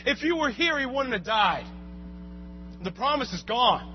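Animated high-voiced man preaching. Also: unhurried, pauses often. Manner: animated, swings from quiet asides to loud shouts. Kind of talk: sermon. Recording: muffled recording with music and hum.

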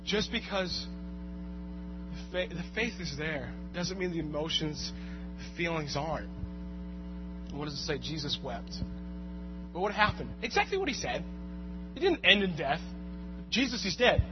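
A man preaching a sermon, swinging from quiet asides to loud, shouted bursts. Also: fairly high pitch, expressive, measured pace, pauses often. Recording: muffled recording with music and hum.

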